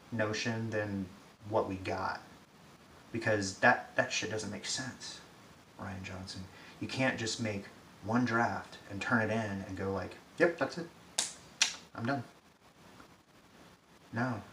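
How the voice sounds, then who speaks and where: A man's voice: on the low side, fairly bright tone. A man ranting in profane, exasperated, sarcastic commentary, recorded from a distance in a roomy space. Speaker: pop-culture commentator. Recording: roomy echo, distant mic, faint hiss.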